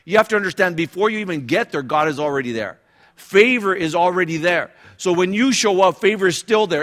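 A man's voice: high voice, a bit bright. Man preaching in a conversational way. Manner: conversational preaching with frequent "right?" asides and restarts. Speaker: pastor. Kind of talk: sermon.

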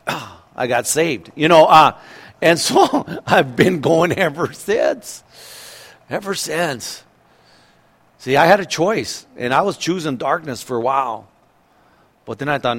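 A middle-aged man preaching a sermon in a lively way, acting out the voices of people in the story and laughing as he goes. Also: on the high side, unhurried. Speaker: pastor.

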